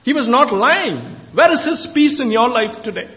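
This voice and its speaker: A man's voice: very high voice, very animated, moderate pace, long reverb tail, dull audio. A man preaching an impassioned sermon in a church, repeating and exhorting his listeners. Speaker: lay preacher.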